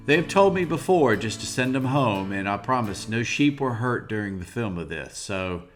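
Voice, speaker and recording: A man with a lowish voice talks through his renovation vlog in a casual, easygoing voice-over, stopping often for an "uh" and dropping in dry little jokes. Faint music plays underneath. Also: normal speed, hardly any pauses. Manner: relaxed, chatty, frequent uh fillers, lightly joking.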